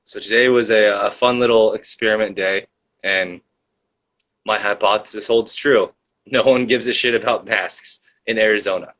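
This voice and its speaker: A man's voice: on the low side, fairly even intonation, moderate pace, fairly bright tone, lo-fi sound. A young man hosting a casual livestream, telling a rambling story full of fillers and reading the chat.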